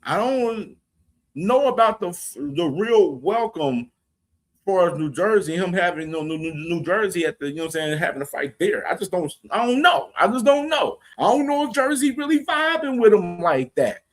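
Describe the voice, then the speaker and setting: A man's voice: high-pitched, sing-song, moderate pace. A man hosting a casual boxing live stream, laughing often, slangy and profane, talking straight to his chat. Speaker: boxing show host.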